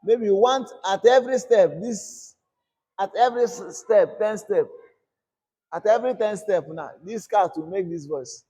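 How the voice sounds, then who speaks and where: A man with a fairly high, husky voice walks students through a screen-recorded coding lesson. He talks in a repetitive call-and-response way, posing a question and then supplying the answer himself. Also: measured pace, dark tone. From Nigeria. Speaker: coding instructor.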